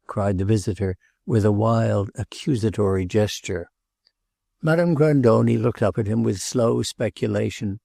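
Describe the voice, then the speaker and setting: A man reading a classic novel aloud as audiobook narrator, measured and even. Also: on the low side, gravelly, dry recording, clean studio sound. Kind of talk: scripted narration.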